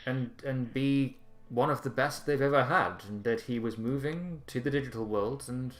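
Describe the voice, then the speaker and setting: A man voicing a formal, long-lived male Digimon lord who speaks in a measured, stately way. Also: medium pitch, faint music behind, natural voice. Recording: echoey room.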